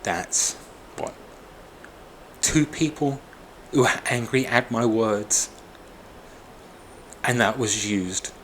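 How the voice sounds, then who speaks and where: A man's voice: medium pitch, slow pace, long pauses, a bit bright, slight background noise. A man in his forties, upset and exhausted, venting in a bitter, raw personal monologue full of swearing. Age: 40s. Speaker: vlogger.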